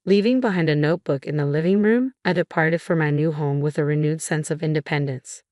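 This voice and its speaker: Low-voiced woman narrating a story. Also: a little fast, a little mellow, dry recording, studio quality. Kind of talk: first-person scripted story narration.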